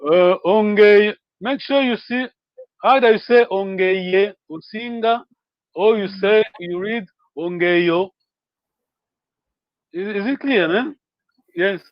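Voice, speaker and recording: High-voiced, slow, encouraging teacher man. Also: dry recording, muffled recording. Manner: encouraging, repeats words slowly to model them. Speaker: language teacher. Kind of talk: online class instruction.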